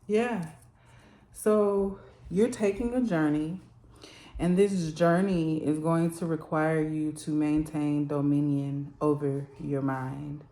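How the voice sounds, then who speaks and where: Slow, low-voiced woman giving a card reading. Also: steady tone, dark tone, echoey room. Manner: earnest, emotional, filler-heavy encouragement. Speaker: spiritual card reader. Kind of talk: spiritual card reading to camera. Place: home.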